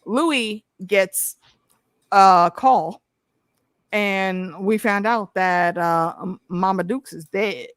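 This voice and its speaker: A woman's voice: mid-range voice, very slow, clear, resonant tone, no room sound. Female host, mid-range voice, dry close sound, casual and salty recap delivery. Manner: animated, profane, acts out quotes. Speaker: podcast host. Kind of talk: casual show recap discussion.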